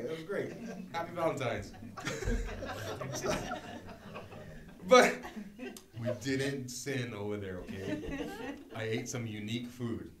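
A man's voice: mid-range voice, a bit bright. A man preaching a sermon as a guest speaker, talking in a conversational, joking way and laughing often. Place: church sanctuary. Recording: echoey church room.

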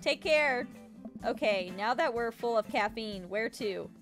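Chatty woman streamer, higher voice, reads the game text aloud, faint music behind. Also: moderate pace. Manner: chatty, reads dialogue aloud with laughs and asides. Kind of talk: casual game narration.

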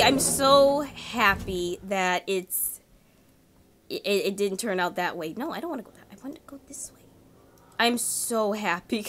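A high, bright-voiced woman commentates as she plays a horror game. She gets loudly excited and chats with the characters, then drops to near-whispers when she gets nervous. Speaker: gaming channel host.

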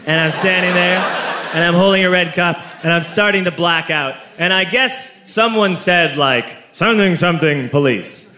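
A young man doing stand-up, telling a story with animated delivery and shouting his punchlines. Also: high-pitched, moderate pace. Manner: animated, shouting punchlines over audience laughter. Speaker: stand-up comedian. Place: live comedy venue with an audience. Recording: roomy live recording with crowd laughter and noise.

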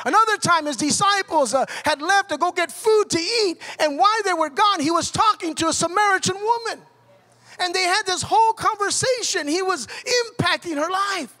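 A man with a Southern Californian accent preaching a passionate sermon as pastor, building to shouts and then dropping low.

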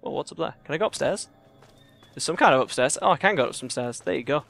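A young man chatting casually and profanely while playing a game in his cramped bedroom, rambling and jokey, yelling in a panic when enemies attack. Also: on the high side, expressive, fast talker, gravelly, dry recording, faint music behind. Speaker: let's play gamer. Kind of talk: casual gameplay commentary.

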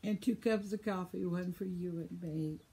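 A woman's voice: fairly low pitch, moderate pace, creaky, warm tone. A woman in her seventies, chatty and laughing often, reading viewer comments aloud in a casual vlog while losing her voice. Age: 70s. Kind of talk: casual chat.

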